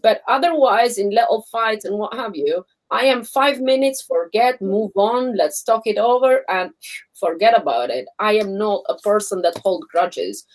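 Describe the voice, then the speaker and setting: A woman co-hosting a casual live chat, animated and insistent, laughing often. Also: medium pitch, normal speed. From not British, lives in London area. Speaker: co-host.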